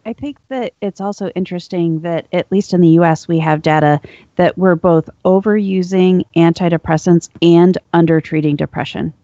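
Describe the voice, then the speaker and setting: Gravelly voice, measured, explains medical research, casual panel, dry dull lo-fi audio. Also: medium pitch, steady tone, warm tone, dry recording. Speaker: physician panelist presenting medical studies. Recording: dull lo-fi sound.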